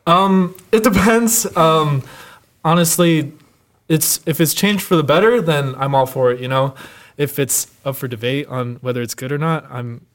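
A man's voice: a little high, normal speed. A teenage boy, a new student co-host, chatting on a school podcast in an earnest, rambling way with repeated words. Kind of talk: casual podcast chat.

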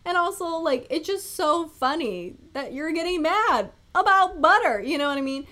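A woman's voice: extremely high pitch, expressive, moderate pace, pushed and bright. A young woman hosting her own podcast, chatting casually on her own, laughing often and swearing freely. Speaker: podcast host. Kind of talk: casual solo podcast chat.

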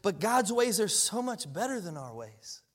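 High-voiced pastor preaching in a reverberant hall. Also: male voice, very animated, normal speed, fairly bright tone. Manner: conversational, repeats words and restarts, acts out quoted voices. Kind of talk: sermon. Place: church auditorium.

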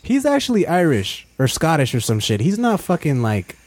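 A man chatting on a podcast with a lively, swinging pitch that jumps around as he gets excited. He talks in loose slang, swears freely and breaks into laughter a lot. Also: moderate pace. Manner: animated, laughs often, slangy and profane. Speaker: podcast co-host. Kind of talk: casual chat.

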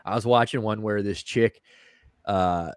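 A man's voice: fairly low pitch, measured pace, clear, resonant tone, no room sound, clean studio sound. A man co-hosting a podcast in casual chat, rambling and swearing as he tells a story, acting out the people in it. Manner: rambling, swearing, acts out voices in retelling. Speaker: podcast co-host.

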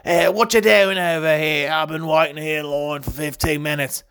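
Man doing a put-on Australian accent, rude impatient customer, gruff, complaining, a bit louder. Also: fairly high pitch, fairly even intonation, moderate pace.

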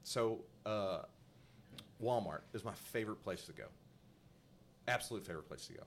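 A man's voice: fairly low pitch, normal speed, slight background noise. A male podcast host telling a story in casual chat, laughing often and acting out the voices of the people in it. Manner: animated, laughing, acts out voices in his anecdotes.

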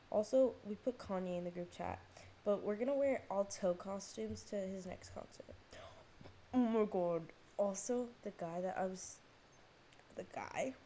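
A woman's voice: mid-range voice, a little mellow, slight background noise. Rambling young woman podcast host. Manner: rambling, self-mocking, heavy use of "like", frequent swearing; jumps between topics, loses her thread. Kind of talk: casual solo chat. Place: at home, on her phone.

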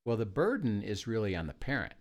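A man's voice: on the low side, very animated, quick pace, darkish tone. A man in casual faith talk, telling stories and acting out little dialogues. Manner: storytelling, acts out dialogue.

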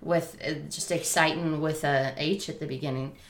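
A woman's voice: low-pitched, steady tone, normal speed, reverberant. A woman co-hosting a podcast, talking thoughtfully about a book and reading out passages. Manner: thoughtful, corrects and reads out passages. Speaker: podcast co-host. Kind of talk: casual book discussion.

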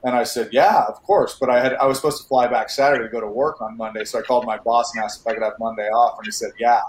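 A mid-pitched man from Northern California tells stories in a relaxed interview. He rambles, circles back, and leans on fillers as he goes. His voice rings a little in an echoey room. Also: racing, a little hiss or hum. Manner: rambling storyteller, many fillers and restarts. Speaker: actor, interview guest. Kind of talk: casual storytelling interview.

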